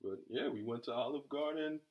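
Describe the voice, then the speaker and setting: A man's voice: medium pitch, brisk, dull audio. A man in his thirties from New York co-hosting a couple's podcast, easygoing, laughing often and rambling with restarts. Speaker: podcast co-host. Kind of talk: casual couple chat.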